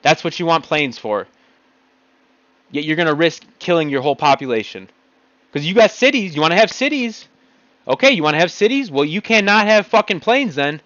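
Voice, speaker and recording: A man's voice: fairly high pitch, lively intonation, brisk, a bit bright, dry recording. A man in an agitated, blunt ranting monologue, speaking straight to his computer. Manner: blunt, agitated, heavy swearing. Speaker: vlogger. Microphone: home computer mic. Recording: dull lo-fi dry recording.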